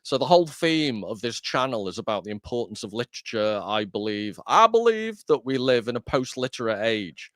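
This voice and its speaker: Man, host, casual chat, mid pitch, dry close sound, rambling. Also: very animated, brisk, hardly any pauses, a bit bright, no room sound. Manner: chatty, self-deprecating, rambling. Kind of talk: casual discussion.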